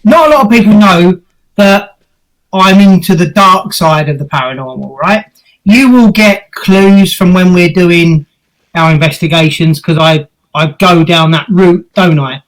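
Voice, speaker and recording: High-pitched bloke, blunt and sweary, podcast guest talking ghost hunting. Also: male voice, measured pace, low-quality recording. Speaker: paranormal investigator guest. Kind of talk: casual podcast chat.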